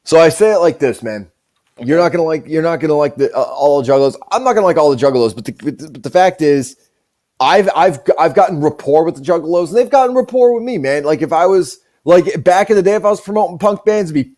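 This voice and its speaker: A man's voice: on the high side, animated, quick pace, a little mellow. Profane, rambling male podcast host. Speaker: show host. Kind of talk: casual podcast chat.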